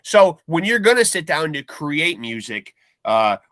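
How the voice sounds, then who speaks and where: A man's voice: a little high, sing-song, a little slow, fairly bright tone, no echo. A man hosting a podcast, asking long, rambling interview questions full of fillers. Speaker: podcast host.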